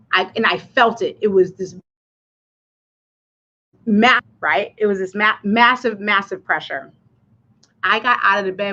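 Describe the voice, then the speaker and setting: Woman livestream host, mid-pitched, nervous and chatty, full of fillers, on slightly muffled audio. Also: sharp tone. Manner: chatty, rambling, many fillers and restarts. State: anxious, voice cracking. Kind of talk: casual personal livestream.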